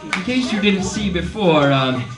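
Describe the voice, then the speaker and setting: A man's voice: sits high, animated, unhurried. A man hosting a live comedy show on a theater stage, playful and exaggerated, laughing often. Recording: roomy sound from far off, loud music.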